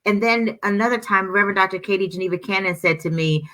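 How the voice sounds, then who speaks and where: A woman's voice: medium pitch, fast, sharp tone, low-quality recording. A middle-aged woman speaking as a guest, fervent and preacher-like, with lots of repetition. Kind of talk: conversational discussion.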